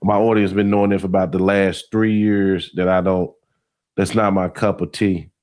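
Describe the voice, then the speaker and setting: Guy hosting a dog podcast, super deep voice, laid back and halting. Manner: relaxed, halting, with many fillers. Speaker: podcast host. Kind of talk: casual interview.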